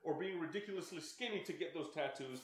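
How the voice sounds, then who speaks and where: A middle-aged man chatting casually as a podcast co-host, animated and quick to laugh. His voice sits a little high. The room around him rings with echo. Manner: animated storyteller, laughs often, voices others in quotes. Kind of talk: casual chat, storytelling. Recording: echoey room.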